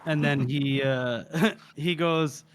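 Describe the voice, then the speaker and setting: A man's voice: mid-range voice, fairly even intonation, slow, a little hiss or hum. A man co-hosting a book podcast, casually retelling a chapter and acting out the characters' lines with laughs. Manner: acts out the characters' lines with small voice shifts and laughs. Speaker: podcast co-host.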